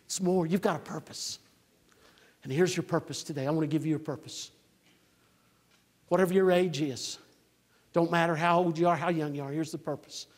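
A man in his sixties preaching a sermon, swinging from near-shouts to quiet asides. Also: on the high side, steady tone, normal speed, pauses often, big-room sound. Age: 60s. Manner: emphatic, rising to near-shouts then dropping to a conversational aside. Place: church.

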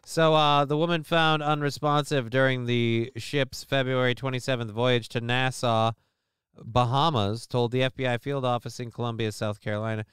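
A man's voice: medium pitch, fairly even intonation, moderate pace, a bit bright, clear, resonant tone, no echo, clean studio sound. A man hosting a live stream show, talking casually and rambling through news stories in a crude, sarcastic way with lots of swearing.

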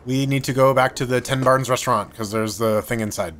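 A man streaming a co-op game, calmly narrating objectives and chatting with a teammate. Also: medium pitch, fairly quick. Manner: relaxed, narrates objectives aloud. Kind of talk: casual co-op gaming chat.

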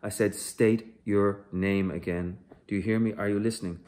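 A man with a deep voice reading the part of a hostile, suspicious male airport security interrogator who mocks as he questions. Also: steady tone, racing, a little mellow, natural voice. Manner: mocking, aggressive questioning.

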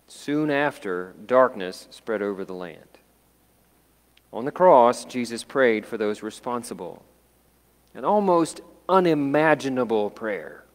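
A man delivers a sermon in a deliberate, unhurried way. His voice swells and then sinks to near quiet. A long reverb from a church sanctuary trails behind every phrase. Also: mid-range voice. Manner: slow, dramatic, dropping to hushed tones. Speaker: pastor.

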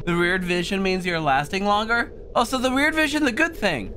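A man's voice: high voice, normal speed, hardly any pauses, background noise. A young man playing a horror game and commentating, jumpy and joking, screaming at the scares. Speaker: gaming streamer.

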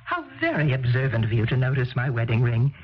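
A gracious, lilting newlywed. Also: female voice, rumbling low, wildly swooping pitch, fairly quick, breathy edge, full character voice. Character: gracious, clever young newlywed woman. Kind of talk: 1970s radio drama acting. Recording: muffled old radio broadcast with faint hiss.

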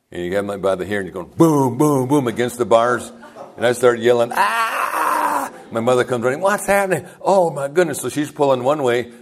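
An older man, a pastor, telling rambling folksy stories in a sermon and chuckling as he goes. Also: medium pitch. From United States.

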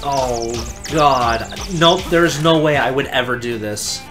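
A man co-hosting a game video, teasing his partner playfully in casual gameplay commentary. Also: mid-range voice. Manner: playful, teasing, quick laughs. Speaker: gaming co-host. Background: game music.

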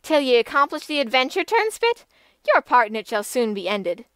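A sharp-tongued young noble damsel, shrill and scornful, her voice riding high and loud, as a woman reader puts her on. The tone is smooth and clear and the recording is close and dry, with no room around it. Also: moderate pace, dry recording, close to an everyday voice. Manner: mocking, shrill, indignant. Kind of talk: audiobook reading.

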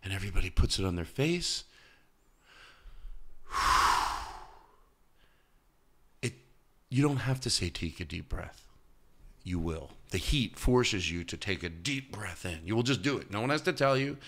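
A male comedian talking as a podcast guest, telling stories in an animated way and jumping into high, loud voices when he quotes people. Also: measured pace, long pauses. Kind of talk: casual interview chat.

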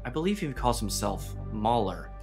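A man's voice: mid-range voice, big pitch swings, moderate pace, over music. A young adult man co-hosting a podcast, laid-back and chuckling as he adds fan commentary while playing. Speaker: podcast co-host playing a visual novel. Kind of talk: casual let's-play chat.

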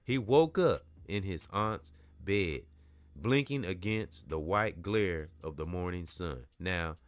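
Man, low voice, reading a book aloud, casual explaining asides, dry close sound. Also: expressive, slow, dry recording. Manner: stops often to explain the story to listeners; casual, repeats and corrects himself. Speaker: book reader. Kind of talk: reading a novel aloud with commentary.

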